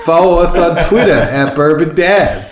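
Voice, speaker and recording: A man's voice: a little high, lively intonation, moderate pace, a crowd in the background. Jokey male podcast host, echoey room. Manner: jokey, rattles off plugs. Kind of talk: casual chat.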